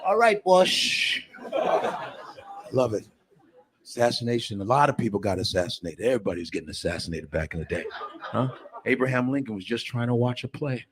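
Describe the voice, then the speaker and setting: A man doing a stand-up comedy routine, brash, profane and animated. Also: fairly low pitch, fast talker, a crowd in the background.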